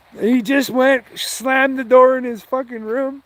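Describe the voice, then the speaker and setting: A man with a strikingly high voice tells a rambling, heated story, swearing freely as he goes. He sounds casual and offhand. The sound is dry and close, with no room echo. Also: steady tone, moderate pace, hardly any pauses. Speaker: vlogger.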